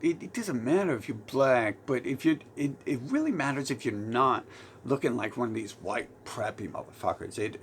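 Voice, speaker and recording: A man with a Southern US twang rambles through a heated, profane rant, often restarting his sentences. His voice has a rough, gravelly edge and sits at a mid pitch. Faint noise hums behind him. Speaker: vlogger. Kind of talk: rambling monologue.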